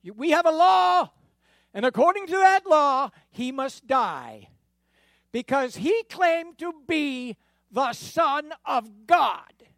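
A man voicing a stern, zealous chief priest in a dramatic scripture reading, declaring loudly and forcefully. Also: extremely high pitch, very animated, takes it slowly, dry recording, studio quality, voice pushed up, full character voice. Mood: vehement.

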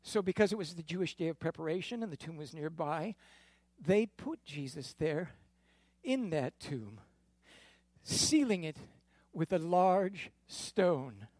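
Expressive man reading scripture slowly. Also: on the high side, dry recording. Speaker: scripture reader. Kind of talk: dramatic scripture narration.

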